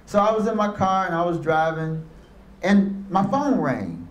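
A man delivers a motivational speech, pulling his listeners in with stories and calls for an amen. His voice sits high for a man. It rings around an echoey room full of people. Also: animated, measured pace. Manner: storytelling with call-and-response. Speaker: motivational speaker. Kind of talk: motivational speech to youth and parents. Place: room with a live audience.

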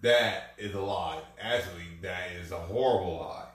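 Guy rambling thru a work story, kinda low voice, sounds far off in a super echoey room. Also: moderate pace, a bit bright. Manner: rambling anecdotal delivery with restarts. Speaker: podcast host. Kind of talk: casual storytelling chat. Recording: echoey room, distant from mic.

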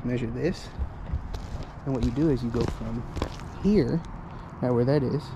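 A young man who works as a roofing salesman and foreman walks across rooftops outside, casually explaining what he notices in a walkthrough vlog. His medium-pitched voice moves at a measured pace, loose in manner and sometimes out of breath, with outdoor noise in the background.

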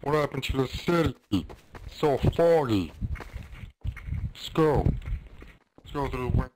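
A young man giving profane, loose commentary over his own gameplay, now and then breaking into shouting. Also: medium pitch, animated, slow. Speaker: gamer. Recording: loud background noise.

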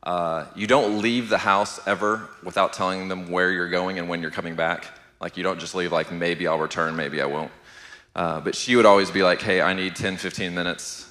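A middle-aged man, teaching a church marriage class in a steady, even-keeled, conversational way. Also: deep voice, moderate pace, long reverb tail. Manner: steady, even-keeled, asks the room "how many know".

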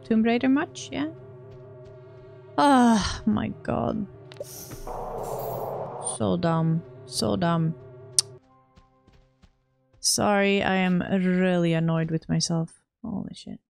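A woman's voice: mid-range voice, steady tone, slow pace, vocal fry, music in the background. A woman giving chatty let's play commentary, often scolding herself and talking back to game characters. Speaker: gaming streamer.

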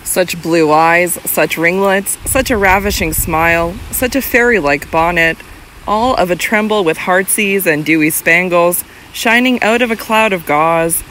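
The audiobook narrator voicing an easygoing, placidly amused young gentleman in a classic novel, with a light, unhurried delivery. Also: medium pitch, lively intonation, a little hiss or hum, low-quality recording. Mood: smitten.

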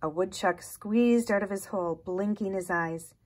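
A woman reading a children's picture book aloud in a slow, gentle, expressive way, sometimes dropping to a hush. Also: medium pitch. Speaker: storyteller.

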